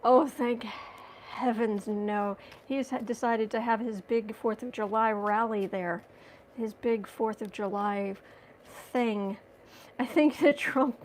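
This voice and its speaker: A woman's voice: fairly high pitch, a little hiss or hum. A woman hosting a livestream as a tarot reader, chatting casually and sarcastically while reading out viewer comments.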